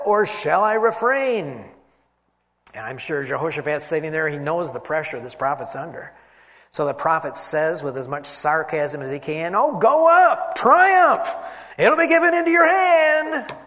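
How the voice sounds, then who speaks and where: A man teaching a Bible passage as a sermon, animated, voicing the quoted figures and swinging from loud emphasis to hushed asides. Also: fairly high pitch. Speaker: preacher. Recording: long hall reverb.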